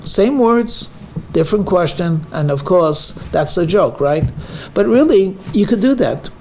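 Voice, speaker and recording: A man with a high voice gives a rabbi's weekly lecture, mixing a joke into his teaching. He leans hard on certain words and drifts through fillers and restarts as he tells the story. A faint hiss of noise sits under the recording. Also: animated, measured pace, a little mellow. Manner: storytelling, stresses words for emphasis, frequent fillers. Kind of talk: sermon with jokes and teaching.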